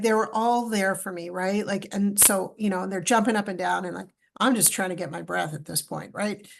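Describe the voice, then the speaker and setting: A middle-aged woman, a podcast guest, telling a personal story with lively acted-out dialogue. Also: medium pitch, vocal fry, slight background noise. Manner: animated storyteller, acts out dialogue.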